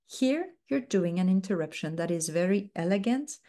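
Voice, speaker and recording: A woman mentor teaching a coaching technique, speaking slowly and softly with frequent fillers. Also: fairly low pitch, animated. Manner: slow, soft-spoken, uses many fillers.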